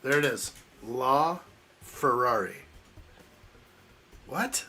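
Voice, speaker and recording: A man's voice: medium pitch, normal speed, fairly bright tone, faint music behind. A man hosting a live building stream, chatting casually and jokingly with viewers as he reacts to the chat. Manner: jokey, chuckling, reacts to chat.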